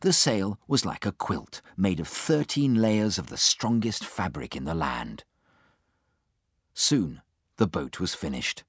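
A man reading a children's storybook aloud with lively expression, acting out the characters. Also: low-pitched, takes it slowly, husky, dry recording, clean studio sound. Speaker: narrator.

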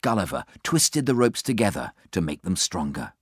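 A man narrating a children's storybook in a steady, expressive way. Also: on the low side, normal speed, slightly rough, no room sound, clean studio sound. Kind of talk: storybook reading.

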